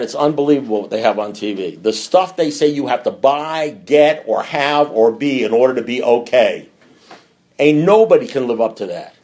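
A middle-aged man speaking candidly to a recovery group, blunt and profane, with loud bursts and low mutters.

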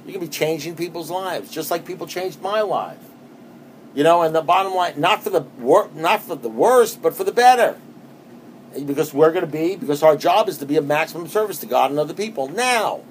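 A man's voice: on the high side, lively intonation, a little fast, a little hiss or hum. A middle-aged man from New York giving a rambling, conversational personal testimony to a recovery meeting. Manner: rambling and conversational, with many restarts.

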